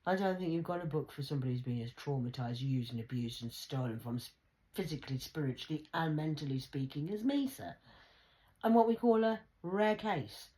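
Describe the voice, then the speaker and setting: A woman with a low voice talks into her phone alone at home at night. She rambles, swears freely, and swings from hushed whispers to sudden loud outbursts. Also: lively intonation, brisk. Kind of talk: late-night solo phone vlog. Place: at home indoors.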